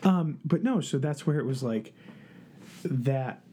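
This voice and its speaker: A man in his thirties chatting casually as co-host, with a mellow, slightly husky voice that swings lively up and down. He laughs readily and stumbles over his words. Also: mid-range voice, slow pace. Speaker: co-host of a Catholic live show. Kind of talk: casual chat.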